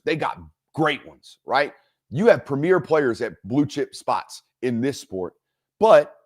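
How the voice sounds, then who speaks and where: A male sports talk host with a lively, swinging pitch and a middle-range voice. He talks emphatically, repeats his points for effect and curses casually. Solo commentary delivered straight to the audience. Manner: emphatic, repetitive, swears freely. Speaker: college football show host.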